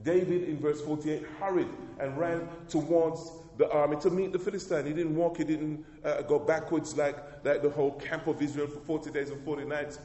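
A man's voice: fairly high pitch, steady tone, brisk, few pauses, mellow. A male pastor preaching a sermon in a church, emphatic, drawing the congregation into call-and-response and often repeating or restarting phrases. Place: church hall. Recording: echoey hall with long reverb.

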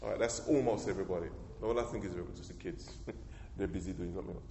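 A man's voice: sits low, fast, vocal fry, dark tone, slight background noise. A male pastor preaching a sermon in a church, emphatic, drawing the congregation into call-and-response and often repeating or restarting phrases. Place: church hall. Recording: echoey hall with long reverb.

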